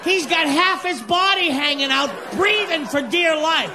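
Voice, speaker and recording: Slow-telling high-voiced comic storyteller. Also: male voice, expressive, crowd noise. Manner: slow, deliberate storytelling with acted-out quotes. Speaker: stand-up comedian. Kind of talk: stand-up storytelling. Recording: live club with audience and noise.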